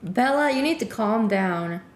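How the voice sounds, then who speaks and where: A woman's voice: fairly high pitch, expressive, a little slow, roomy sound. A woman streamer chatting playfully with an AI, teasing it. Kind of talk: casual chat with an AI on stream.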